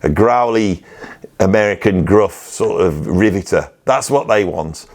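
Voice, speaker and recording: A man's voice: low-pitched, animated, a little slow, darkish tone. A British man hosting a comic monologue, ranting about musicians in a sarcastic, opinionated, grumbling way. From Britain. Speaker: musician and video host.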